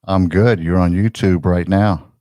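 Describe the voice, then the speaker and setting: A laid-back man co-hosting a casual live audio show. He speaks in a low, easy register and nudges the guest along. The sound is dry and close to the mic. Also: steady tone, measured pace, mellow, no echo. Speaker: co-host. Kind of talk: casual chat.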